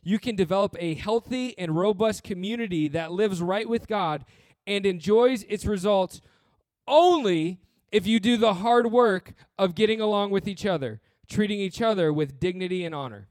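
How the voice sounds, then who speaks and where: A man's voice: sits high, moderate pace, darkish tone, no echo, studio quality. A man preaching a sermon as pastor, earnest and blunt, with touches of humor and repeated phrases.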